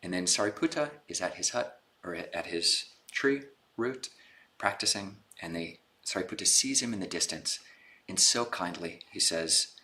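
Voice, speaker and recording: A man's voice: low-pitched, lively intonation, moderate pace, sharp tone. A man, a Buddhist monk, giving an informal dharma talk, explaining casually and retelling scenes in a chatty, slangy way.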